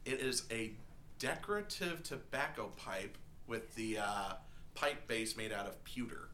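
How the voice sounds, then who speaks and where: A man's voice: lowish voice, unhurried, bright, forceful tone, echoey room, slight background noise. A man narrating a tabletop role-playing game as game master, telling the story easily with many fillers.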